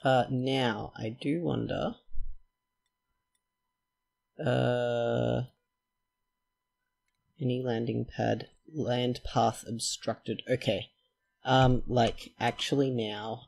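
A man giving chatty gameplay commentary, talking to himself and his characters and quickly getting excited. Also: mid-range voice, vocal fry. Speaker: let's play host.

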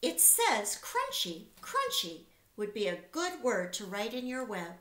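Woman voicing a high grumbling barn rat. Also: wildly swooping pitch, unhurried, fairly bright tone, exaggerated voice. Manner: grumbling, put-upon. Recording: roomy echo.

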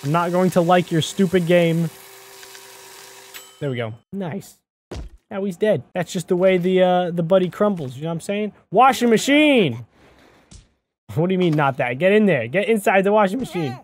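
A man hosting a gaming video, giving excitable let's play commentary and talking to the game character as he plays. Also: sits high, moderate pace. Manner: excitable, talks to the game character, often exclaims. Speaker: gaming channel host.

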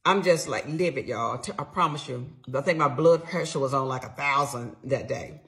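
A woman's voice: a bass voice, normal speed, fairly bright tone. A middle-aged woman vlogger telling a personal story in a casual storytime style, emotional and blunt, swearing freely and talking straight to her viewers.

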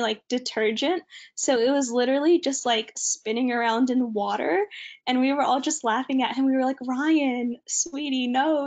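A young woman from California with an American accent, giving a chatty, informal online presentation as a student. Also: high voice.

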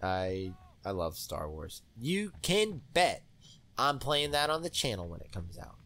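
A young man giving excitable, rambling commentary while playing a video game, with many fillers. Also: mid-range voice, measured pace. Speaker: let's play host. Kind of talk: gaming commentary.

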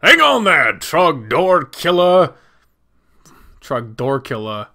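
A dismissive knight guarding a mountain pass, brushing off a would-be hero with haughty disdain, as a man reads him aloud from a game. The voice is bright and a little high, delivered at an unhurried pace. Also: sing-song, heavily acted. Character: snooty gatekeeping male knight guard.

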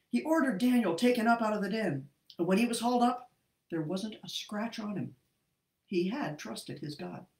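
A woman's voice: on the low side, reverberant, poor audio. A woman teaching an online Bible lesson, reading scripture expressively and adding jokey asides, heard over an online call.

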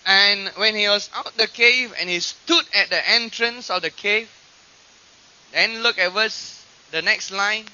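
A man preaching a sermon in a high, very bright, cutting voice. He swings between loud, stretched-out lines and hushed asides, with fillers and restarts as he addresses the congregation. The sound is dull and lo-fi, like an old archive recording. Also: a little slow.

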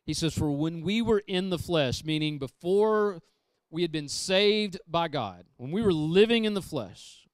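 A male pastor delivers a sermon in a smooth, resonant voice pitched a little high. He drives points home through repetition, swinging between forceful emphasis and quiet intensity. The sound is close and dry, with little room echo. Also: expressive, a little slow. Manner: emphatic, repeats phrases, shifts from loud to hushed. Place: church sanctuary.

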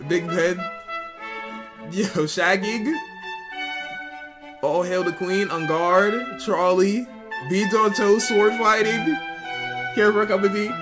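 A loud, theatrical mock British gentleman, as a man puts him on with an exaggerated imitated British accent. He barks out his lines in a raised, shouty voice. Music plays faintly behind him. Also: high voice, fairly even intonation, takes it slowly, long pauses, pitched above the performer's own voice. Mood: mocking, boisterous.

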